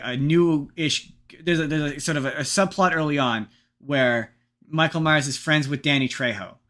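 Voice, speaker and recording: A man hosting a podcast in casual chat, rambling and animated, with frequent restarts and casual swearing. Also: medium pitch. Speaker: podcast host.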